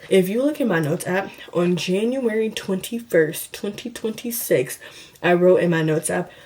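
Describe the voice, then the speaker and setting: A young woman with a slightly low voice tells a personal story on her vlog. Her delivery is chatty and dramatic, and she fills her telling with "like" and quick asides. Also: a little mellow. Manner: chatty, dramatic retelling with lots of "like". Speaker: vlogger.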